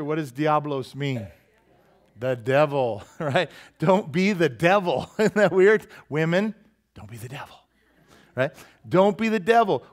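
Animated, joking preacher man. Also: on the high side. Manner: lively, joking and emphatic. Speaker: pastor. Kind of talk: sermon.

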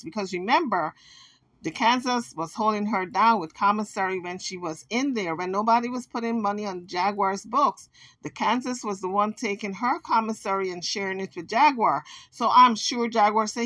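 A woman vlogger giving chatty, sassy, animated commentary on an argument. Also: medium pitch, moderate pace. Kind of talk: casual commentary recapping drama.

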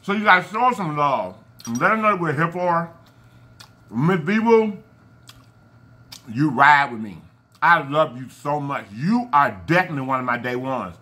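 A man with a high, piercing voice hosts an eating video and chats casually to his viewers. He thanks his fans one by one with warm affection, often tripping over names and correcting himself. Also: lively intonation, unhurried. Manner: affectionate, giving shout-outs to fans. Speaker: mukbang channel host.

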